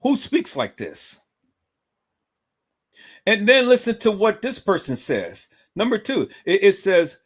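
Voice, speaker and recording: Slow, animated, emphatic male streamer. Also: high voice, husky. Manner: emphatic, repetitive, profane, keeps calling out to viewers. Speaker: livestream host. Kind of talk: livestream commentary.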